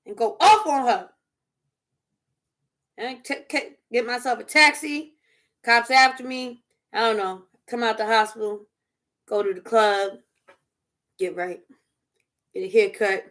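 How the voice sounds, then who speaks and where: High-voiced woman. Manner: animated, laughs often, riffs in bits and asides. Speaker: vlog host. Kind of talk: casual chat while eating dinner.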